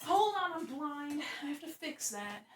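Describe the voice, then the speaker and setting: Woman, bubbly and giggly, rambling chat with viewers, fairly high voice, thinking aloud while painting. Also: sing-song, unhurried, a little hiss or hum. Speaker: streamer painting digital art. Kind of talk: casual live-stream chat while drawing.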